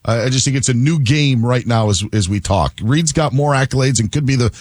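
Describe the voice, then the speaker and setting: A man's voice: medium pitch, brisk, a little mellow, dry recording. A man arguing a point on a sports talk show, rambling and stammering through his thoughts. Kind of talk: casual sports talk banter.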